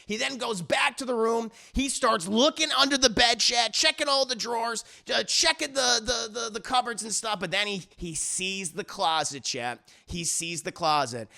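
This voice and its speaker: A man's voice: very high-pitched, lively intonation, a little slow, gravelly, few pauses, pushed and bright. A man streaming live, animatedly retelling a story with lots of cursing while talking to his chat. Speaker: streamer reviewing media.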